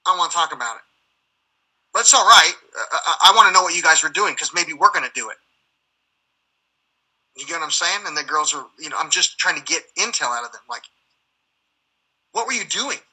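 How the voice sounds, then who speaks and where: A man's voice: on the high side, expressive, fast talker, pauses often, bright, forceful tone, breathy edge, rough recording. A man, a military veteran, telling rambling stories as a guest in conversation, swearing and acting out the dialogue as he goes. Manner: profane, heated, acts out dialogue.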